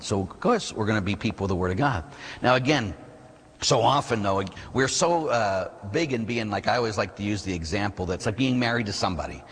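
A Catholic priest giving a sermon, preaching in a lively, conversational way with rhetorical questions and playful asides. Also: male voice, on the low side, breathy edge. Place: church. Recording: long reverb of a church hall.

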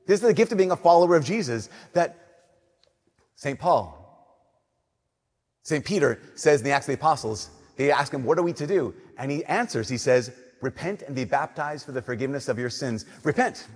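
Man preaching in a reverberant church. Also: a little high. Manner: animated storytelling, shifting between loud emphasis and soft slow delivery. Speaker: Catholic priest. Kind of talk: sermon.

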